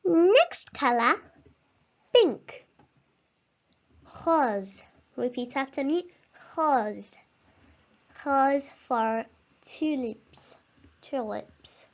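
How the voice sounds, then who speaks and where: A language teacher with a high, light, expressive voice leads an unhurried vocabulary lesson. She says each word carefully and invites the listener to repeat after her. The recording is a little dull and lo-fi.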